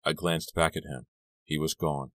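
A man reading a first-person story as an audiobook narrator, steady and measured. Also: very deep voice, no room sound.

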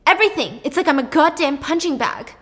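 A woman's voice: sits high, lively intonation, brisk, fairly bright tone, pitched above the performer's own voice. A woman voicing a paranoid young rich man who swears and accuses in a hysterical rush. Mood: desperate.

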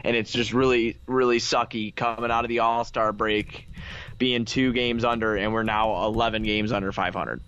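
A man's voice: lowish voice, steady tone, moderate pace, a bit bright, clean tone, dull audio. A man co-hosting a casual sports podcast, glum and complaining, stammering through his sentences. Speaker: podcast co-host.

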